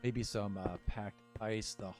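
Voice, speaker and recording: A man's voice: fairly low pitch, steady tone, takes it slowly, darkish tone, soft background music. A man casually talking through his building as he streams a game, thinking aloud with many fillers. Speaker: Minecraft streamer.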